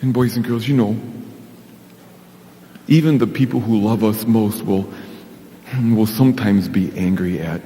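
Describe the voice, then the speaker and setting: A man giving a children's message in church, gentle and sing-song, talking with a puppet. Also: on the low side, unhurried, pauses often, big-room sound, slight background noise. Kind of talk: children's sermon with puppet dialogue.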